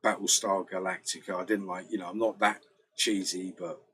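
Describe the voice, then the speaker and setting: A British man, a bass player, chatting casually in a rambling storytelling way, often acting out other people's voices. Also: steady tone, normal speed, fairly bright tone, husky, low-quality recording. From Britain. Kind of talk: casual chat.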